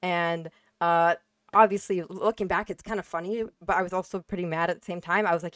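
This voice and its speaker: A young woman on a casual panel, speaking bluntly and swearing freely, with lots of "like" and "um". Her voice sits a little low, and the recording is dry and close. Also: fairly even intonation, brisk, a bit bright, no room sound. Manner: blunt, emphatic, swears freely, many fillers.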